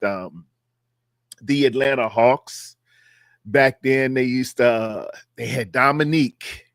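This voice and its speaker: A man's voice: medium pitch, no echo, clean studio sound. A man hosting a sports fan livestream in a loose, repetitive, chatty way, calling out viewers by name. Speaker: sports show host. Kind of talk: casual livestream chat. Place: home studio in North Carolina.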